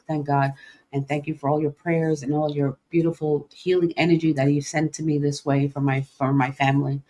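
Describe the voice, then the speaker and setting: Middle-aged female host, lowish voice, candid and emotional, halting with fillers. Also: a little mellow. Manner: open, emotional, many fillers and restarts. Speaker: podcast host. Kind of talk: personal livestream talk.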